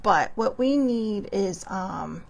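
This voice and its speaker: A woman host talks in a loose, rambling monologue, stopping and restarting as she goes. Her voice is gravelly and husky, and her pitch swings widely up and down. She sounds earnest and drops in a casual swear word now and then. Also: animated, takes it slowly. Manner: rambling and conversational, with frequent fillers and restarts; earnest, with bursts of laughter and mild swearing.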